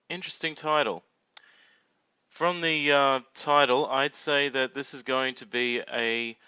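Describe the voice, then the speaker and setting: A man's voice: mid-range voice, sharp tone, clear, resonant tone, dry recording, highs cut off. A man giving casual blind reaction commentary, chatting and laughing aloud as he watches. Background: cartoon audio playing faintly.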